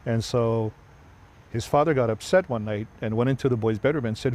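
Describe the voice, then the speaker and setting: Dark-voiced storyteller. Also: male voice, medium pitch, fairly quick. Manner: easy, conversational storytelling. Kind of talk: told ghost story.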